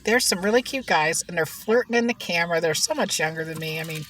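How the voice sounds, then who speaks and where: A mukbang vlogger eats while chatting from inside a car, her lowish voice quick and fairly bright. She tells rambling, gossipy stories in a casual way and laughs often.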